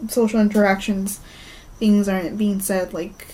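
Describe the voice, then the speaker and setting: A woman's voice: mid-range voice, flat delivery, normal speed, warm tone, slight background noise, low-quality recording. A woman co-hosting a podcast in casual chat, laughing often and acting out the people she quotes. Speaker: podcast co-host.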